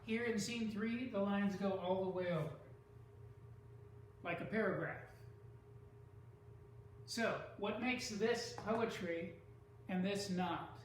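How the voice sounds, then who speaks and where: Slow, deliberate teacher in an echoey room. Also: medium pitch, far from the mic, a little hiss or hum. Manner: slow, deliberate, stresses syllables aloud. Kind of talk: classroom lesson on poetry.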